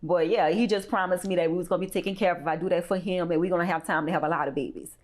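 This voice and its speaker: A woman with a low-set voice talks as an interview guest, telling a hard personal story. She rambles and leans on "you know" constantly. Her delivery is blunt and casual, and she swears freely. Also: steady tone, very fast.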